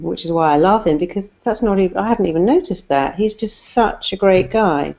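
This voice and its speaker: A woman speaks as a therapist, with a low, mellow voice. She gives emphatic, repetitive motivational advice and builds her points through lists and stories. The recording sounds slightly muffled and lo-fi. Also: brisk. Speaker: therapist guest.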